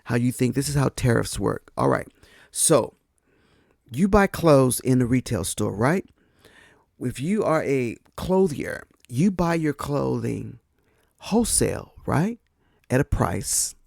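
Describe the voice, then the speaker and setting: An exasperated man from the United States hosts a political podcast and speaks straight to his viewers. His voice has a gravelly, creaky edge. The recording is dry and close, with no room sound. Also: mid-range voice, expressive, moderate pace, dark tone, no room sound. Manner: exasperated, talks to viewers directly. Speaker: podcast host. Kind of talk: casual political commentary.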